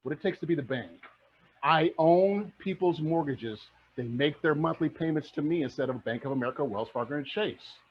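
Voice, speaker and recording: A man's voice: on the high side, moderate pace, husky. A middle-aged man giving a motivational talk as a real estate mentor, fired up and repeating his points like a preacher. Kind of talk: motivational presentation. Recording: muffled lo-fi audio.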